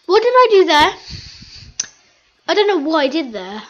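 A woman giving excitable, chatty commentary over her own gameplay video, repeating phrases over and over. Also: very high-pitched, moderate pace, highs cut off. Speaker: gaming video host.

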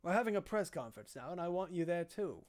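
A man's voice: high-pitched, sing-song, fast talker, darkish tone. A man reading a stern middle-aged police captain's lines aloud while playing a game, giving orders in a firm, bossy way.

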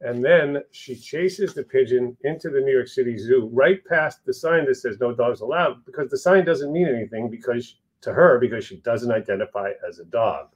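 Guy narrating his kids picture book, middle pitch, storytelling, bit of stumbling. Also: moderate pace, few pauses, breathy edge, poor audio. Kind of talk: picture-book read-aloud and talk.

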